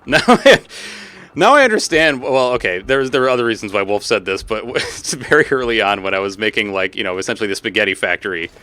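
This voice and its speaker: A man streaming a factory-building game, chatting with viewers in an animated way and breaking into exasperated, swearing outbursts. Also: on the low side, quick pace, hardly any pauses. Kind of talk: live gameplay commentary.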